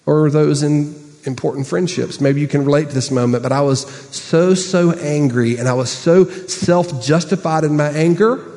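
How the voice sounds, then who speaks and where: A man preaching a sermon, telling a story with sudden high bursts and hushed asides. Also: normal speed, few pauses, in a large hall. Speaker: pastor.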